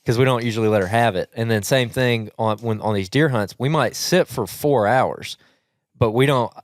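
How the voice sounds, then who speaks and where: A man's voice: medium pitch, moderate pace, no echo. A man, co-hosting a hunting podcast in casual chat, telling stories in a laid-back way with frequent restarts. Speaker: podcast co-host.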